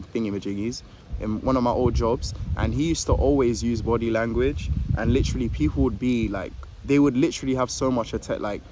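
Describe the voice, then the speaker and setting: Young man, casual advice vlog, filler-heavy rambling, slight stammer, recorded outdoors in a park, audible passing traffic. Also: medium pitch. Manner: a little jittery, stammers on words. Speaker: vlogger giving advice. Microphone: phone or camera held facing him.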